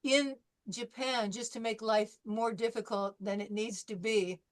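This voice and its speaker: A woman's voice: a little high, fairly even intonation, unhurried. An older woman from California teaching a French class, chatting through anecdotes with fillers and restarts. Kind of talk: classroom lesson wrap-up.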